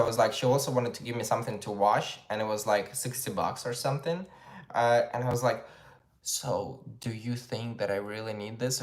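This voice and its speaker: A young man with a Russian accent, chatting on a livestream and telling a story while acting out what people said. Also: medium pitch. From Ukraine. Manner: chatty storytelling, acts out quotes, says "holy moly". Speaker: livestream host. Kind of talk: casual live chat. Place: home, at a dining table. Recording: roomy echo.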